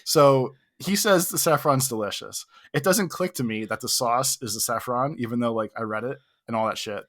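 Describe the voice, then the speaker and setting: A man's voice: medium pitch, moderate pace, fairly bright tone. A young man co-hosting a podcast, telling a long, self-mocking story in a casual, rambling way full of "like". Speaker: podcast co-host.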